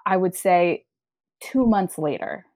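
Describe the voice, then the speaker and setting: Animated woman actor telling a story. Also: slow. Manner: animated, laughing, quotes herself in a high voice. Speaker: guest, stage actor. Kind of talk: casual interview storytelling.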